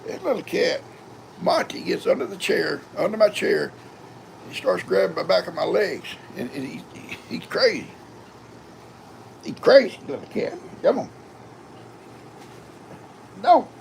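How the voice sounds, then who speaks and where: Gravelly older man, slow folksy talk. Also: high voice, big pitch swings, a little hiss or hum. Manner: rambling and folksy, talks to his cats. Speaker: live-stream host. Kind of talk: casual chat.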